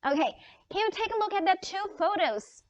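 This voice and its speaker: High-voiced woman teacher, dry lo-fi sound. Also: sing-song, brisk, no echo. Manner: upbeat, encouraging, asks the class questions. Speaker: English teacher. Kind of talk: classroom teaching. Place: classroom.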